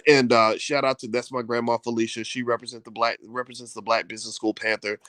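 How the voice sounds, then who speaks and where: A middle-aged man talks straight to his viewers with fervent energy, stumbling through fillers and repeated words. His voice sits at an ordinary pitch for a man. The sound is dry and close, with no room around it. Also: level tone, brisk, a bit bright, dry recording. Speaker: host. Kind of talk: casual video talk.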